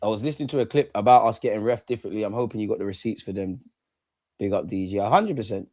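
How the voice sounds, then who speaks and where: A man's voice: fairly low pitch, quick pace. A young man hosting a livestream football reaction, ranting and taunting his chat. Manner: excitable, taunting, shouts at chat. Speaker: fan channel host.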